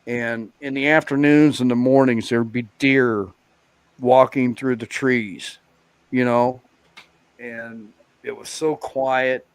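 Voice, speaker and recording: A man's voice: mid-range voice, flat delivery, takes it slowly, smooth, dry recording. A man with a middling voice tells a loose, rambling road story on a live stream, dropping "you know" every few words. The sound is dry and close, with no room around it. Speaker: guest biker. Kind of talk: casual live-stream chat.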